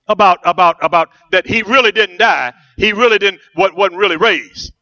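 A man's voice: high-pitched, normal speed, sharp tone, muffled recording. A middle-aged man preaching a rousing sermon as pastor, asking the church questions and answering them.

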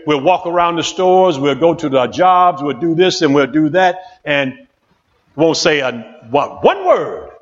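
A male pastor preaching a sermon in an excitable call-and-response manner, in a church. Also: high voice, lo-fi sound.

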